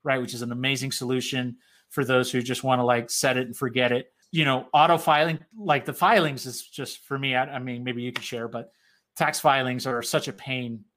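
A man's voice: medium pitch, steady tone, a little fast, a bit bright. A man in a casual business conversation, talking loosely about accounting work with lots of "like" and "right?" fillers. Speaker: payroll software company representative.

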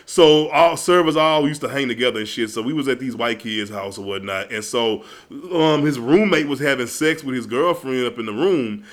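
A man telling stories in a casual comedic monologue, animated and profane, often breaking into laughs. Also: mid-range voice, normal speed. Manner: animated, profane, loud storytelling with frequent laughs.

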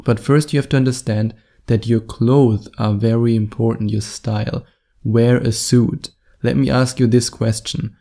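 Brief: German-accented male podcast host, dark gravelly voice, jokey and emphatic. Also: medium pitch, fairly even intonation, unhurried. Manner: jokey, self-deprecating, emphatic. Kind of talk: casual solo podcast monologue.

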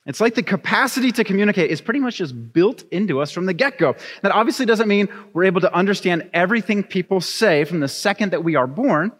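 Male pastor in a reverberant church. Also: sits high. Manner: chatty, animated storytelling with laughs. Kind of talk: sermon with scripture reading. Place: church sanctuary. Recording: long reverb of a church hall.

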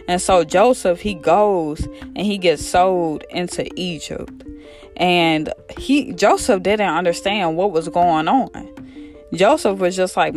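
Preacher, casual devotional sermon, fervent, repetitive urging, mid pitch, faint music behind.

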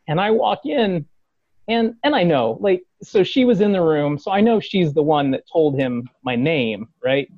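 A male podcast host tells a fan story in casual chat, speaking at normal speed. He's animated, acting out quotes with rising pitch, laughing and swearing. The audio has no echo but the highs are cut off.

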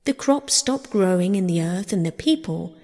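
A woman narrating a myth as a storybook reading, in a gentle, measured manner. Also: lowish voice, animated. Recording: long hall reverb.

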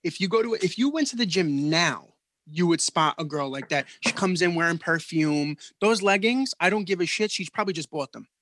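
A man's voice: a little high, lively intonation, fairly quick, a bit bright, no room sound. A man co-hosting a casual chat, talking bluntly with lots of swearing and acting out other people. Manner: blunt and profane, acts out other people in quotes. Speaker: podcast co-host.

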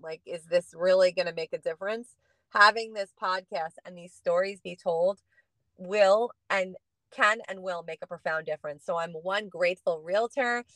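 A woman's voice: medium pitch, a bit bright, no echo. Chatty woman guest talking from her car. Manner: chatty, heavy use of "like". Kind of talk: casual podcast talk. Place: in a car, driving.

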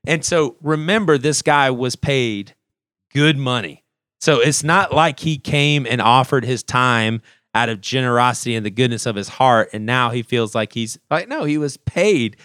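A man co-hosting a podcast, telling a story in a casual, animated way and often restarting his phrases. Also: mid-range voice, moderate pace, clear, resonant tone, no room sound, studio quality. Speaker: podcast co-host.

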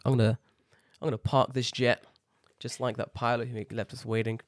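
A man's voice: mid-range voice, brisk, dry recording, studio quality. A man co-hosting a podcast in casual chat, rambling and swearing as he tells stories. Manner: rambling, swears a lot, animated storytelling. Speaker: podcast co-host.

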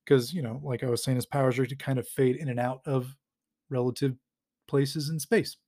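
A man's voice: medium pitch, steady tone, moderate pace, mellow. A man recapping a comic story in casual chat, rambling with lots of fillers and frequent chuckles. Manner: rambling and amused, chuckles often, heavy use of fillers. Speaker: podcast host recapping a comic.

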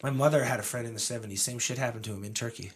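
A man's voice: medium pitch, racing, breathy edge. A man hosting a podcast, chatting loosely and joking, with plenty of swearing. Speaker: podcast host. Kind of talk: casual chat. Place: based in the US.

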